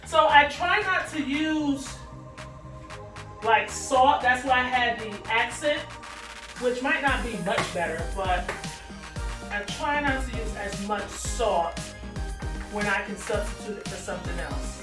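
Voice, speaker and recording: A woman's voice: fairly high pitch, lively intonation, a little slow. A woman cooking in her home kitchen and chatting playfully with viewers. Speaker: cooking vlogger. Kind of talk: casual cooking chat. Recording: echoey kitchen, mic at a distance, music behind.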